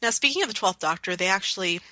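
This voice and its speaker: A woman on a podcast, relaxed as she reads out scene setups. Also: mid-range voice, fast talker, no echo, rough recording. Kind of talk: casual chat.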